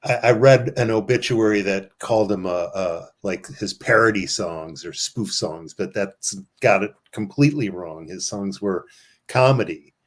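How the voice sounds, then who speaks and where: Low-voiced man chatting casually. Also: unhurried. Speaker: podcast co-host. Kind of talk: casual chat.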